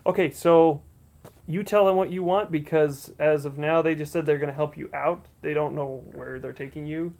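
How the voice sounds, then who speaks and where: A man running a tabletop role-playing session, describing the scene in a rambling, restart-heavy way. His voice is gravelly with fry and sits somewhat high for a man. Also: steady tone, normal speed, a little mellow. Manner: rambling, many fillers and restarts. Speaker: game master. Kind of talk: narrating a tabletop game livestream.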